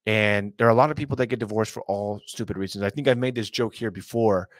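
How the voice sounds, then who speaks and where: A man's voice: lowish voice, fast talker, dry recording, studio quality. A young adult man hosting a casual commentary show, talking in a rambling, earnest way with many fillers and asides. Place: small hot room at home.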